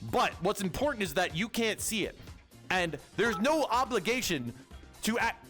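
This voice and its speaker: A man's voice: sits high, lively intonation, moderate pace, fairly bright tone, soft background music. A young man streaming as a VTuber, chatting and joking with his chat in a rambling way. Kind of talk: casual livestream chat.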